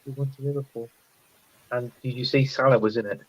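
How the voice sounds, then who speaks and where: A man with a voice of middling pitch, chatting on a football panel. He tells stories in a loose, friendly way. The sound comes over a video call. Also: steady tone, brisk, lo-fi sound. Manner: chatty, anecdotal. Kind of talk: casual chat.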